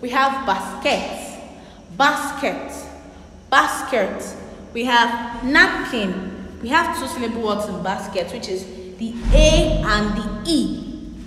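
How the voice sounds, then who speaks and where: Woman teacher, slow deliberate spelling-out of letters, higher voice, reverberant room. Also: expressive, bright, forceful tone, slight background noise. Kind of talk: classroom lesson for young children. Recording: echoey room with long reverb.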